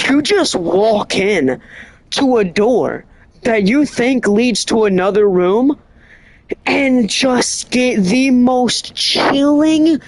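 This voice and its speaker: A streamer chatting casually about a game in a rambling, excitable way, often restarting and correcting themselves. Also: mid-range voice. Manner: animated storytelling with bursts of laughter.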